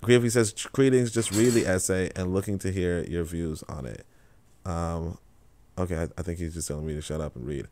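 Low-voiced man hosting a livestream reading. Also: darkish tone. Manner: reads quotes slowly and deliberately, then chats loosely with fillers. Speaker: livestream host reading and commenting on an essay. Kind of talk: live-streamed reading with casual commentary.

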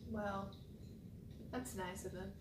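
A woman's voice: medium pitch, slow pace, very noisy. A woman hosting a casual reaction vlog, gushing and squealing at what she watches. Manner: excitable, gushing, squeals and laughs at the screen. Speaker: reaction video host. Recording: roomy echo with show audio behind. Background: TV show audio and music.

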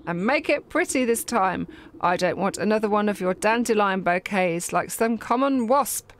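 A woman's voice: mid-range voice, animated, moderate pace, a little hiss or hum, lightly acted. A woman voicing a snooty, imperious female queen bee who talks down to everyone with scorn.

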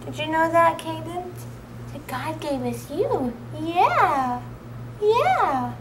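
A woman's voice: extremely high pitch, big pitch swings, takes it slowly, very noisy. A new mother filming herself at home and cooing to her newborn baby in sing-song baby talk, recorded on a handheld camcorder.

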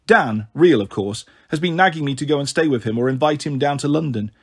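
A man reading a novel aloud in an expressive, lively storytelling manner. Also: a little high, fairly quick, husky.

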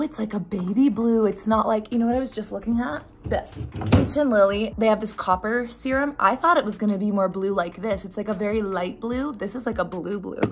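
A young woman who is sick and congested, chatting excitedly in a casual unboxing vlog. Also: on the high side. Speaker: beauty vlogger.

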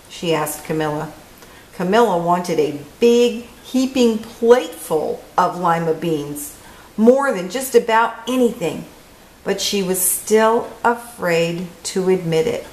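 A woman reading a children's picture book aloud as host, with expressive story-time delivery. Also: on the low side, slow pace, a little hiss or hum. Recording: echoey room.

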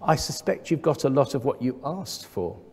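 English vicar preaching in a reverberant church. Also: male voice, medium pitch, expressive, breathy edge. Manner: measured, gently humorous preaching with rhetorical questions. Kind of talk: sermon. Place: large church.

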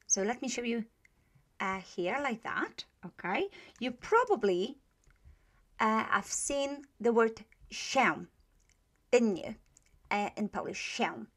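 A fairly high-pitched woman giving a pronunciation lesson at an unhurried pace. She models each sound patiently and repeats it over and over, with plenty of hesitations between explanations. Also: very animated, fairly bright tone. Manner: frequent hesitation fillers. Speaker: language teacher.

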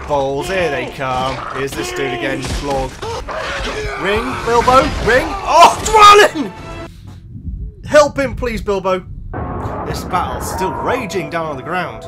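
Excitable man reacting to a film. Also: fairly high pitch. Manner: excitable, cheering and shouting at the screen. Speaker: reaction video host.

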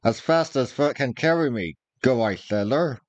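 A man's voice: medium pitch, animated, normal speed, dry recording, lo-fi sound, natural voice. A man voicing a fiery young outlaw archer. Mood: exasperated. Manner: archaic, old-fashioned speech, forceful outbursts. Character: fiery young male outlaw archer, proud and hot-tempered.

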